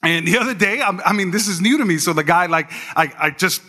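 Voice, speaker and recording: A man preaching in a church, chatty and animated, slipping into voices for the people in his stories. His voice sits a bit high and sounds bright and sharp. A long reverb from the hall trails behind every phrase. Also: quick pace. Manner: animated storyteller, acts out quoted voices. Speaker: pastor. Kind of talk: conversational sermon with storytelling.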